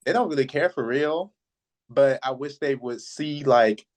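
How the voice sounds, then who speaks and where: A man's voice: mid-range voice, unhurried, darkish tone. A man co-hosting a casual podcast, sassy and sarcastic in his remarks. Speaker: podcast co-host.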